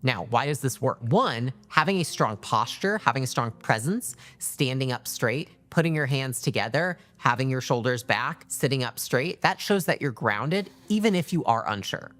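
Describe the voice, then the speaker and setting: A woman giving direct, emphatic leadership advice in a motivational talk, acting out examples as she goes. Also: rumbling low.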